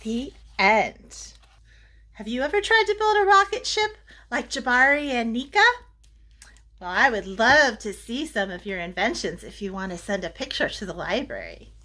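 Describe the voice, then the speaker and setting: A woman's voice: fairly high pitch, big pitch swings, normal speed, pushed and bright. A woman children's librarian reading picture books aloud and chatting animatedly with young listeners. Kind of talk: picture-book read-aloud.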